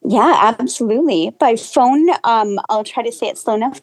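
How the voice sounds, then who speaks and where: A woman with a higher-pitched voice speaks as a real estate guest on a podcast. She offers earnest, practical advice, often restarting with "you know". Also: moderate pace, hardly any pauses, darkish tone, poor audio. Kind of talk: casual interview chat.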